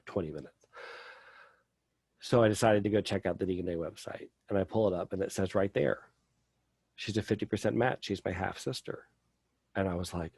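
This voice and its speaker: Low-voiced man rambling through a story. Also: a little mellow, breathy edge, no echo. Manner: rambling, heavy on fillers like "like" and "um". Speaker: podcast guest. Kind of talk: candid personal storytelling.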